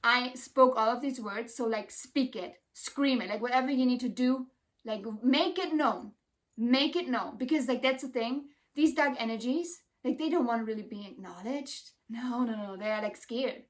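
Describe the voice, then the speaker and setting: A woman vlogger with a fairly high voice talks about spiritual things in a casual, emphatic way. She sounds intense and fills her sentences with "like". Her voice comes from a little way off the mic. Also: normal speed, recorded from a distance. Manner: emphatic, intense, heavy use of "like". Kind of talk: casual spiritual vlog talk.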